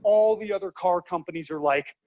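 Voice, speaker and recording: A man giving a lively seminar talk, questioning the audience and acting out quoted voices. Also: high-pitched, brisk. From United States. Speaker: speaker teaching leadership.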